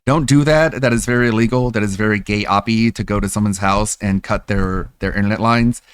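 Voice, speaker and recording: Man, lowish voice, dry close sound, chatty stream host, sarcastic asides. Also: fairly quick, clean tone, dry recording. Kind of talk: casual stream commentary.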